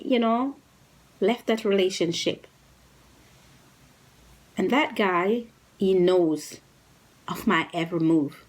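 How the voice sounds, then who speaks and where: Lower-voiced woman telling a personal story. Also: poor audio. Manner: earnest, repeats phrases for emphasis.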